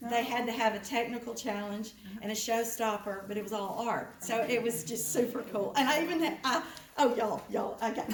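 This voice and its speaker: A woman making a chatty, rambling announcement to a meeting, often laughing. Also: a little high. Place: meeting room of an art association. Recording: roomy meeting hall.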